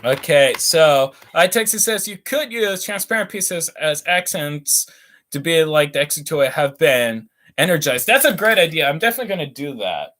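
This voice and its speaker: A man's voice: on the high side, expressive, unhurried, fairly bright tone, slight background noise. A young man hosting a casual livestream while building toy models, rambling and ranting between reading out chat messages.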